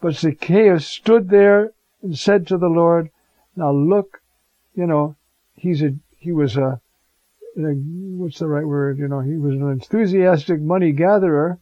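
A man's voice: on the high side, measured pace, no room sound. A man preaching a conversational homily, animatedly acting out the scene he tells. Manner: animated, acts out the Gospel scene in voices. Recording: dull, lo-fi recording.

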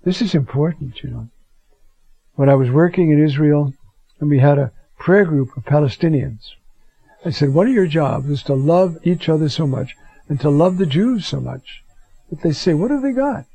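A man's voice: a little high, normal speed, vocal fry, warm tone, breathy edge. An older man giving an informal Bible lesson. He tells personal stories in a folksy way and keeps asking "you see?". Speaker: Bible teacher. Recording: dull lo-fi dry recording.

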